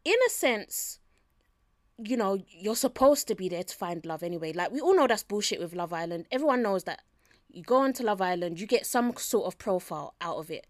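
Brief: woman co-host, mid-pitched voice, dry close mic, relaxed chat. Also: brisk, no echo. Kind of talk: casual chat.

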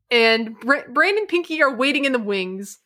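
Woman podcast co-host, animated casual recapper, bright tone. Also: a little high. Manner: animated, laughing, does quick impressions.

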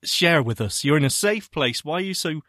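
A man's voice: on the high side, expressive, normal speed, bright, forceful tone, no room sound, studio quality. A man co-hosting a podcast in casual chat, teasing his co-host with playful reactions.

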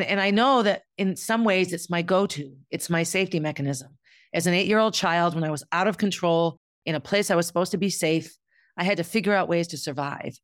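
A woman's voice: fairly low pitch, no room sound, studio quality. A middle-aged woman speaking candidly and bluntly in a reflective personal monologue, as the host of her own show. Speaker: podcast host.

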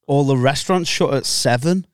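Laid-back man, smooth dry voice. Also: medium pitch, moderate pace, no room sound. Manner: laid-back, rambling, laughs often. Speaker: podcast co-host. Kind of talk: casual banter.

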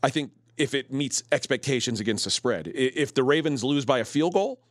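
A man's voice: mid-range voice, fairly quick. A man co-hosting a sports betting show in loose, conversational talk. His voice sits in an ordinary middle range. The recording is dry and close, with no room echo. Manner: conversational, talks through point spreads and odds. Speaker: sports betting podcast host.

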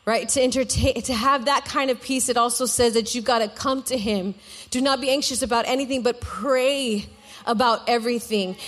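Guest preacher, young woman, high voice, chatty and personal, talks straight to the congregation. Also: a bit bright. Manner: conversational, personal storytelling with laughter and asides to the congregation. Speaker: guest speaker. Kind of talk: sermon.

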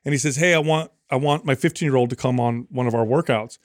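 A man who trains clients, co-hosting a casual chat and telling relaxed anecdotes with casual swearing. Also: medium pitch, fast, no room sound, clean studio sound. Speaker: podcast co-host, fitness trainer.

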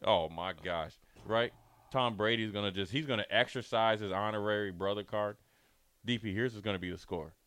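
Man, sports talk, bright forceful voice, smooth and resonant, playful riffing. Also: on the low side, dry recording. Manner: playful, hypothetical scenarios, rapid riffing. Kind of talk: animated sports debate.

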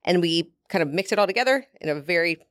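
Lower-voiced woman as company guest, chatty and explanatory, dry close sound. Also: animated, quick pace, no room sound. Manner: explains at length with fillers and hand gestures. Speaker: beef company representative. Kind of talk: casual explanatory interview talk.

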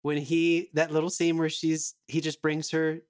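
A man's voice: a little high, monotone, moderate pace. A man co-hosting a podcast, talking about a film enthusiastically and rambling a little. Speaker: podcast co-host. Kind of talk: casual film chat.

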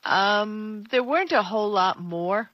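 A woman co-hosting a tech talk show in casual chat, emphatic and quick to laugh. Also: medium pitch, expressive, no echo. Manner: chatty, laughs often, emphatic. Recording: dull lo-fi dry sound.

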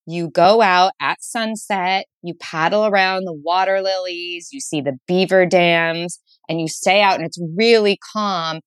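A woman's voice: on the low side, steady tone, unhurried, hardly any pauses, clean tone, no room sound. A woman guest author on a casual interview show, talking enthusiastically with playful asides and frequent laughter. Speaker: guest author recommending date spots.

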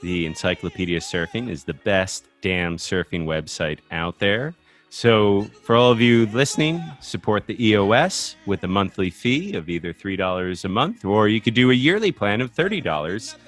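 A man's voice: on the low side, expressive, moderate pace. A man hosting a surfing podcast, talking in a laid-back, jokey way. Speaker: podcast host. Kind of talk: casual podcast chat.

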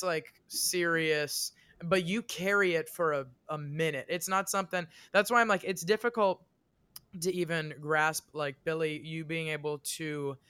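A man from the American Midwest co-hosting a podcast, chatting in an animated, theatrical, jokey way. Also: on the high side, smooth, no echo. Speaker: podcast co-host. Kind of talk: casual podcast chat.

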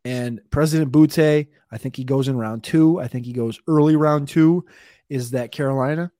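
A man's voice: medium pitch, moderate pace, warm tone, dry recording, studio quality. A man co-hosting a fantasy football draft show, talking through picks in a rambling, casual way, sometimes stuttering on names. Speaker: podcast co-host.

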